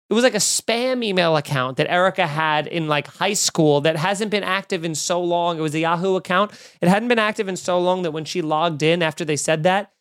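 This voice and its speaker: Male storyteller, casual and profane, slightly high pitch, close dry sound. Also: clean tone, no echo. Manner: animated, swearing, acts out both sides of phone calls.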